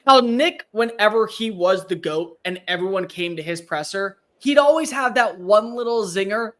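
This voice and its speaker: A man co-hosting a sports talk show, giving emphatic, rapid-fire opinions in a casual chat. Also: sits high, animated, fairly bright tone.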